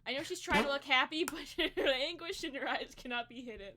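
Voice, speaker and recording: High, bright giggly woman narrating. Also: a little fast, slight background noise. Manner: giggly, reads narration then breaks into joking asides. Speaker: streamer and narrator. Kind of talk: casual fanfic read-aloud on stream.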